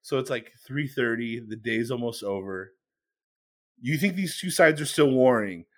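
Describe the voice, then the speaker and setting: Rambling man telling a story. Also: mid-range voice. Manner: rambling, halting, lots of fillers and restarts. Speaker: podcast co-host. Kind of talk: casual storytelling chat.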